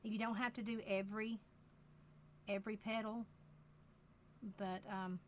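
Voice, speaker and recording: A woman with a Southern accent demonstrating a craft project live, talking in an unhurried, chatty way and repeating phrases as she works. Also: medium pitch, fairly even intonation, slight background noise.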